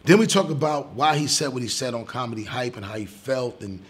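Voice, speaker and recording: A male comedian telling a personal story in an interview, animated and casual, swearing now and then and getting loud when excited. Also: medium pitch, brisk, husky.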